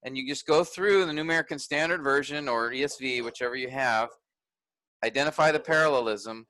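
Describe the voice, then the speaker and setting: A man's voice: medium pitch, brisk, pushed and bright, no echo, low-quality recording. A man teaching a graduate workshop in a conversational way, thinking aloud with restarts and fillers.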